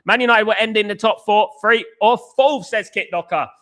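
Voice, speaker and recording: Excitable male stream host, high and bright, chatty and repetitive. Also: normal speed. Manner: excitable, repeats phrases, reads chat aloud. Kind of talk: casual live stream chat.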